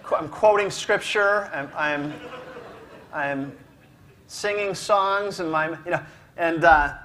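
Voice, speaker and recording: A man's voice: fairly high pitch, takes it slowly, sharp tone. A man speaking to a ministry gathering, telling a humorous story with a self-deprecating manner, laughing often and restarting his sentences.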